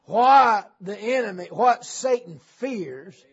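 Revival preacher, husky high tenor, folksy with shouting peaks, lo-fi church tape. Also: male voice, animated, slow pace. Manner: folksy, joking, swings from low asides to shouting. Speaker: visiting preacher. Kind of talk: revival sermon. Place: church sanctuary.

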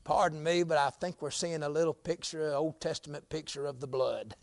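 A man preaching a fiery, folksy sermon, dropping to low murmurs and climbing to shouts. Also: fairly even intonation, a little fast, creaky.

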